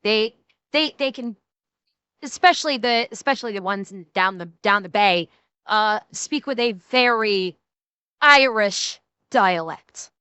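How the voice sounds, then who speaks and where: A woman's voice: medium pitch, animated, a little slow, sharp tone, clean tone, no echo. A woman with a Midwestern American accent, chatting casually on a stream and laughing often.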